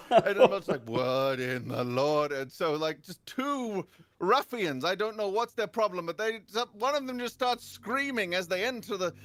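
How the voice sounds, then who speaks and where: Animated, swearing young man. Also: moderate pace. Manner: animated, profane, big swings in pitch and volume. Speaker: podcast panel guest. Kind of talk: comedic storytelling in casual chat.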